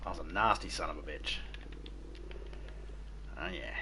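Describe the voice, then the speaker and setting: A man's voice: very deep voice, normal speed, background noise. An Australian man chatting casually while streaming a game, crude and swearing heavily as he tells stories. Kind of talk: casual chat while gaming.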